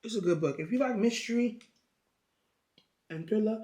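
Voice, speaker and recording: A woman's voice: a little high, animated, quick pace, dark tone. A woman vlogger telling a story in a casual, slangy, profane way and chatting about a book. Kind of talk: casual vlog chat and book retelling.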